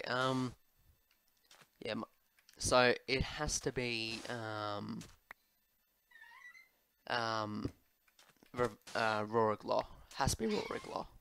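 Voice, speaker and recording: A man talks over his gameplay at a home desk microphone, answering viewer questions. He drifts along unhurried, with a mid-range voice and plenty of ums and side remarks to his pet. A faint hiss sits under the recording. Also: mid-range voice, pushed and bright. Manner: rambling and chatty, with many fillers, asides to his pet. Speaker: Minecraft YouTuber.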